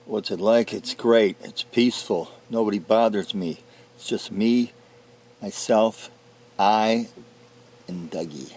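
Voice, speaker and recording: An actor playing a foul-mouthed, short-tempered recluse who talks in a threatening way. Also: male voice, lowish voice, slow, a little mellow, husky. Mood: menacing. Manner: threatening, profane, growling. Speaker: interview subject in a mockumentary.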